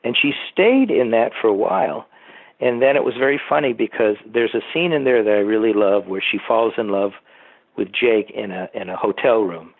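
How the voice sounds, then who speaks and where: Older man, rambling anecdotes, slightly low and husky voice, tinny phone-line sound, dry with no room echo. He tells long stories and acts out quotes as he goes. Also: moderate pace. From Southern California. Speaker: producer and writer, interview guest. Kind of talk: casual anecdotal interview.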